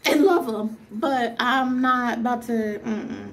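A woman's voice: a little high, slow, hardly any pauses, a little hiss or hum. Exasperated young woman ranting. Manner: exasperated, emphatic, fires off rhetorical questions. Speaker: vlogger. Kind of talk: casual storytime rant.

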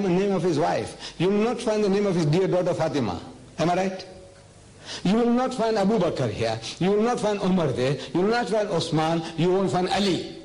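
An older man with a South African accent giving an emphatic public lecture on religion, full of rhetorical questions, sometimes dropping to a low murmur. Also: a little mellow, low-quality recording.

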